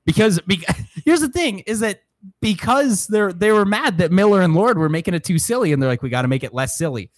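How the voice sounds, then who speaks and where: A young man co-hosting a movie podcast, slightly higher voiced, his pitch swinging widely as he rants. He swears freely and laughs often, recorded close and dry with no room sound. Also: a little fast, no echo. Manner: profane, laughing, animated ranting. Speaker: podcast co-host. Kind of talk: casual movie review chat.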